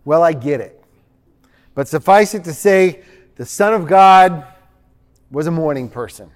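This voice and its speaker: A man's voice: a little high, lively intonation, unhurried, pauses often. A man preaching a sermon as pastor, chatty and joking, reading passages aloud. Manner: conversational and joking, reads quotes aloud. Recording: long hall reverb.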